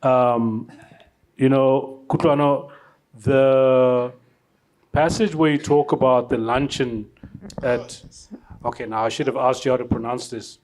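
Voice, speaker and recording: A man's voice: medium pitch, steady tone, slow, pauses often, darkish tone. Guy hosting a book talk, praising the author, a bit unsure on a name. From South Africa. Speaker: interviewer.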